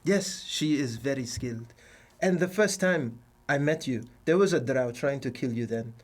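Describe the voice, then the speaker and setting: A man's voice: medium pitch, moderate pace. A man in a tabletop role-play speaking in character, stiff and formal with a cool, detached manner. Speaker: player.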